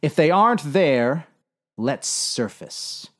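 Casting: a man as a ponderous old-school captain, slow and swooping. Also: fairly high pitch, sing-song, a bit bright, full character voice. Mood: solemn. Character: solemn middle-aged male submarine captain.

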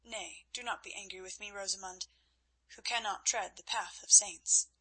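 A woman's voice: mid-range voice, steady tone, moderate pace, bright, forceful tone, husky, rough recording. A woman reading the lines of an ardent, teasing young male knight in an audiobook, pleading and wry.

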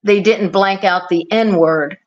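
A woman's voice: medium pitch, a little slow. A middle-aged woman tells a story as a podcast guest, rambling and restarting as she goes. She acts out other people's words with animation. Her voice sounds slightly dull and lo-fi. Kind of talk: casual storytelling.

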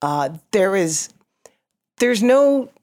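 A woman talking as a guest in a casual podcast chat, animated and joking. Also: medium pitch, drawn-out words.

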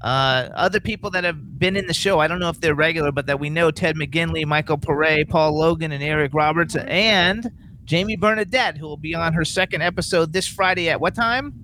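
A man hosting a chat show, excitable, interrupting and saying "like" often. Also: fairly high pitch, a little fast, slight background noise, low-quality recording. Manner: excitable, interrupting, says 'like' a lot. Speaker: host. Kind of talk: casual chat.

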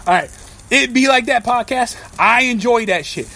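A man's voice: extremely high pitch, expressive, normal speed, pushed and bright. A man hosting a casual podcast, ranting and swearing constantly while cooking in his kitchen. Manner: profane, ranting, heavy swearing. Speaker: podcast host.

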